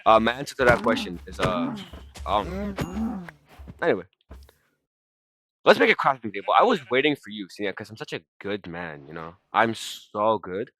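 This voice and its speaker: A man's voice: on the low side, sing-song, fairly quick, a bit bright. A man rambling and swearing casually as he comments over his own gameplay, often breaking off mid-sentence. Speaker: gaming commentator. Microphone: desktop mic while recording screen.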